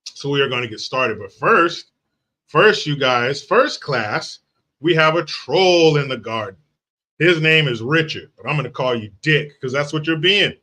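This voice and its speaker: A man in middle age hosts an online commentary show in loose, casual talk. He is brash and sarcastic and swears freely. His voice sits somewhat high and sounds bright and forceful. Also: expressive, unhurried. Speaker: political commentary host.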